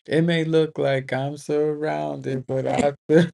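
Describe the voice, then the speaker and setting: A man with a gravelly, creaky voice, chatting on a livestream with his partner. He jokes around and dodges her questions with playful comebacks. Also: on the high side, level tone, slow, crowd noise. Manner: joking, deflecting, breaks into playful singing. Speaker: co-host. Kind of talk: casual couple chat on a livestream.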